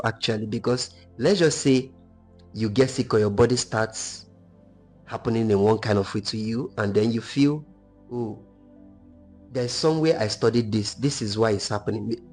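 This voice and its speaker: A man's voice: mid-range voice, a little mellow. A young man talks in an explaining, teacherly way. He keeps checking that his listeners follow. Faint music plays underneath. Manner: explaining, lecturing tone with checks like "right?". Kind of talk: casual group discussion.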